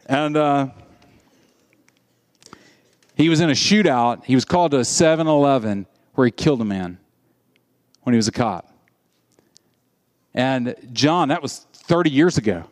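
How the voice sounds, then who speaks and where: A man preaching a sermon in an animated, conversational storytelling way. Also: medium pitch, a little slow, pauses often.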